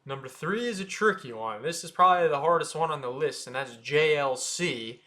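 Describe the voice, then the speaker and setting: An American man hosting a watch channel, casually explaining how to say brand names, sounding them out slowly with offhand asides. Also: on the high side, expressive, bright, forceful tone. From United States. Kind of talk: casual explainer talking to camera.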